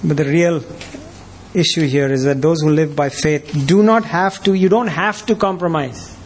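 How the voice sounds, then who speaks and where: A man preaches with a high voice for a man. He is emphatic and keeps firing rhetorical questions at his listeners. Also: moderate pace. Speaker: pastor. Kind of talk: sermon.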